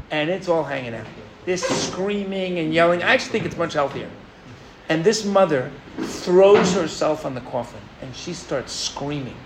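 A man from New York gives a storytelling sermon in a fairly high voice, keeping his audience with him through frequent questions. A faint noise sits under his voice, with some clicks. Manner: storytelling, animated, engages the audience with "right?". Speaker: rabbi. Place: rooftop gathering.

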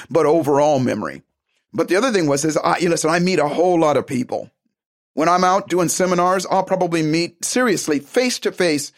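A man giving a motivational self-help talk, emphatic and animated, acting out little conversations as he goes. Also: a little high.

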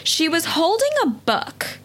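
A woman's voice: extremely high pitch, sing-song, unhurried, fairly bright tone. A woman guest on a podcast, retelling a scene in a rambling, casual way with many fillers. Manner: rambling, apologetic, lots of fillers.

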